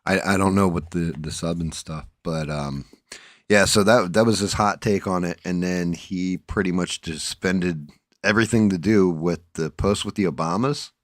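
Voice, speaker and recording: A man who has just woken up and sounds groggy hosts a laid-back livestream chat in a very low voice. He talks at normal speed, rambling bluntly, cursing freely and starting sentences over. The recording is dry and close, with no echo or room sound.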